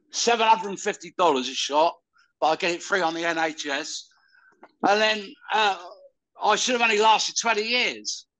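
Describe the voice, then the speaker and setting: An older man from the UK, talking loudly and rambling in a casual interview. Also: high voice, rough recording. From United Kingdom. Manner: loud, rambling, calls the listener "mate". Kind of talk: casual conversation.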